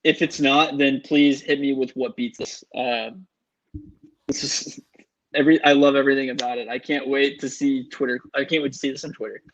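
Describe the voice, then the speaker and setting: A young man co-hosting a sports podcast, excitable and rambling, full of "like" and "um". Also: mid-range voice, normal speed. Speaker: podcast co-host. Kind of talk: casual sports podcast chat. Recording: dull lo-fi mic.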